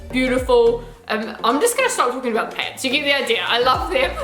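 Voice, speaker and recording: A woman's voice: fairly high pitch, pushed and bright, echoey room. A young woman, chatting casually and gushingly through a clothing try-on haul, swearing now and then. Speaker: fashion vlogger.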